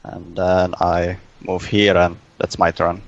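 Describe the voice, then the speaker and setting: A low-voiced man calmly walks through his move in a tabletop game, taking his time. His voice sounds dull and lo-fi. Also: slow, no echo. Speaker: player.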